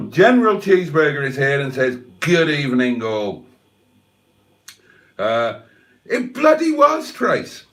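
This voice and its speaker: A man's voice: mid-range voice, expressive, takes it slowly, long pauses, fairly bright tone, distant mic. A man hosting a livestream and reading out chat in a playful, wry, mock-theatrical way. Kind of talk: casual chat.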